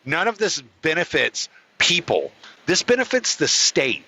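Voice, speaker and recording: A man's voice: a little high, sing-song, measured pace, sharp tone, rough recording. A man hosting his own show, delivering an angry, profane rant. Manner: furious, profane, heated ranting. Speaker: podcast host. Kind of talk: angry ranting monologue.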